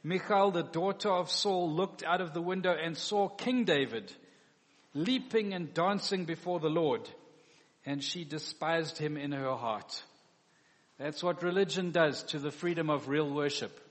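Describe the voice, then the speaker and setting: A man's voice: a little high, a little slow. A man preaching a sermon, animatedly acting out the quoted words of the figures in his story. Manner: animated, acts out biblical dialogue. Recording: long hall reverb.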